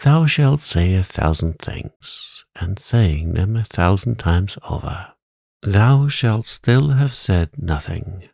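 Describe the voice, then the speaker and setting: A man voicing a stern, grim old witch woman, slow and archaic. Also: low voice, lively intonation, gravelly, a little mellow, no echo, full character voice. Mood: mocking.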